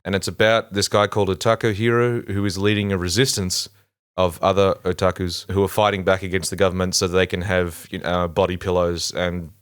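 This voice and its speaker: A man co-hosting a podcast, chatting casually in an animated way, laughing often and restarting his sentences. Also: deep voice, brisk, clean tone. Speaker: podcast co-host. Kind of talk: casual chat.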